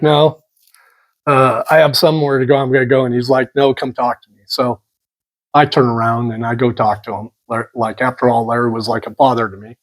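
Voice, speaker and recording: A man of ordinary pitch tells a long personal story in a loose, conversational way. He rambles, restarts and retells each exchange with "I'm like" and "he goes." He speaks as a local candidate addressing his supporters. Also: poor audio. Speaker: political candidate.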